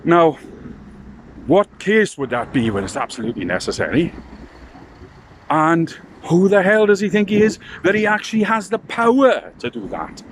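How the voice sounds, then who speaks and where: A man's voice: high-pitched, big pitch swings, moderate pace, slight background noise. A man speaking to camera, making an indignant, impassioned political appeal. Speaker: political campaigner.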